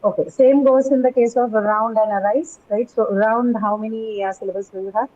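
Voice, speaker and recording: A woman's voice: on the high side, steady tone, brisk, a little mellow, highs cut off. A woman teaching English pronunciation in a class, explaining patiently and often checking in with "right?". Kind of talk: classroom lecture on word stress.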